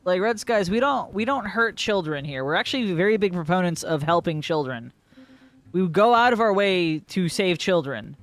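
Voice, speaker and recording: A man's voice: high voice, lively intonation, moderate pace, a bit bright. A man playing a tabletop game, joking in a gleefully villainous, profane way. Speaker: player. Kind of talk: casual tabletop play.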